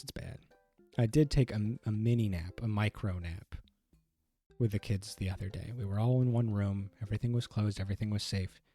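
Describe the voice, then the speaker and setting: A young man streaming a game, talking casually and cracking jokes as he rambles. He trips over his words and corrects himself mid-sentence. His tone is mellow and soft-edged, with faint music in the background. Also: on the low side. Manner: joking, rambling, stumbles and self-corrections. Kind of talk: casual let's-play commentary.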